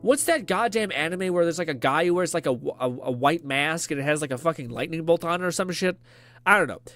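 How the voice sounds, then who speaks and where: A young man streaming, chatting casually with viewers in a rambling, profane way, laughing often and filling pauses with fillers. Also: a little high, lively intonation, a bit bright, faint music behind.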